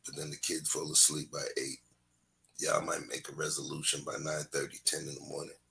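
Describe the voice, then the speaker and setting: A man's voice: rumbling low, completely flat delivery, fairly quick, creaky, pushed and bright, slight background noise. A man hosting a casual talk show, telling stories with slang in a laid-back, preachy way. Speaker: host.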